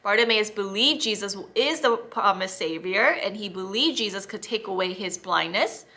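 A woman teaching children, reading a Bible story in an expressive, animated way. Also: mid-range voice, normal speed.

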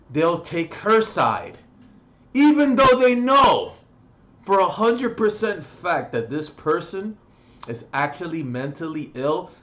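A young man ranting angrily on his vlog, profane and agitated, with sudden loud outbursts. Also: mid-range voice. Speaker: vlogger.

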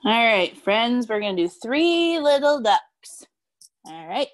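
A woman teacher singing a children's counting song with animated quacks over a video call. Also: a little high, slow, no echo, studio quality.

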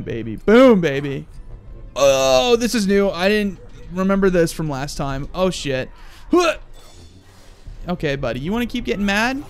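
A young man giving loud, crude, excitable commentary while playing a video game. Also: high-pitched. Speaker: gaming YouTuber. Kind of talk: let's play commentary.

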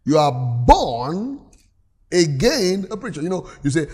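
A man's voice: a little high, sing-song, a little slow, darkish tone, breathy edge. Preaching man with a raised voice. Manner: preaches with call-and-response, reads scripture aloud. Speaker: pastor. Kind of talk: sermon. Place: church.

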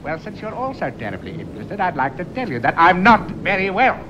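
A man's voice: high voice, huge pitch swings, fairly quick, highs cut off, full character voice. An actor playing a grumpy middle-aged man with gout who rants and flares up, in a 1970s radio comedy. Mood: ranting. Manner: indignant ranting, flaring into shouts. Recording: hissy old radio tape.

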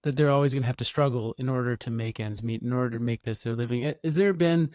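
A man's voice: mid-range voice, fast talker, a little mellow, no echo, studio quality. A man co-hosting a podcast, chatting easily and reading a show introduction, with frequent laughs. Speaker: podcast co-host. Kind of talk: podcast chat and scripted intro.

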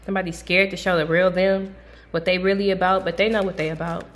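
A woman giving a casual tarot reading from home, blunt and profane, breaking into loud sudden outbursts. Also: lowish voice, little pitch movement, quick pace. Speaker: tarot reader.

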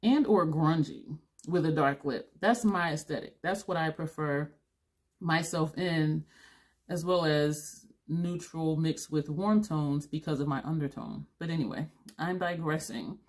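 A woman in her fifties, a beauty vlogger, chats casually to camera in a deep, slightly slow and mellow voice. She's blunt and rambling, laughs now and then, and sounds a little tired.

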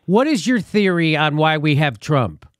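A man's voice: a little high, big pitch swings, unhurried, no room sound, clean studio sound. A male host running an interview with wry, upbeat remarks. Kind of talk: interview hosting.

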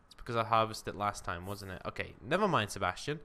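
A man's voice: on the low side, animated, quick pace, sharp tone, a little hiss or hum. Chatty young man narrating a life-sim game. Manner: chatty, talks to his game character. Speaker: gaming commentator. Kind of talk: casual let's-play commentary. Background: game music.

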